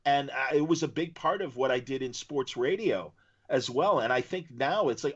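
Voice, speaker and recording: A man from Chicago hosting a podcast, chatting casually and telling stories with lively slips into impressions. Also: mid-range voice, moderate pace, husky, lo-fi sound. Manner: animated storyteller who slips into impressions. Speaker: podcast host. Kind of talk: casual chat.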